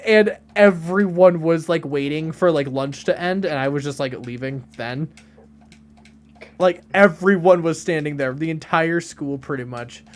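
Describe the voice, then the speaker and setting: A man's voice: fairly high pitch, measured pace. A man streaming a game and chatting casually, telling a story full of "like" fillers and self-mocking jokes.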